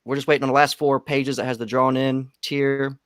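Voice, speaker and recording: A man's voice: mid-range voice, a little fast, clear, resonant tone, no room sound, clean studio sound. A man chatting casually as a guest on a livestream, talking about his comic project. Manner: relaxed, on a delay.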